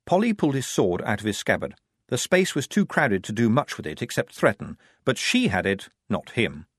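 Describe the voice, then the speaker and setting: A man narrating an audiobook in a wry, expressive way. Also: fairly low pitch, normal speed, husky, dry recording, studio quality.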